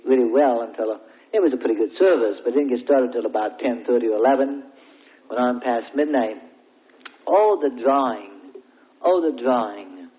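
Impassioned preacher on a tinny old tape. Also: mid-range voice. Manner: impassioned, rising into pleading as the sermon builds. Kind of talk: evening sermon. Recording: tinny, narrow-band old tape recording.

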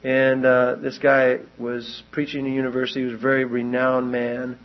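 A man's voice: medium pitch, completely flat delivery, moderate pace, muffled recording. A man preaching a sermon, telling a long story in a loose, rambling way and then pressing his point with rising urgency.

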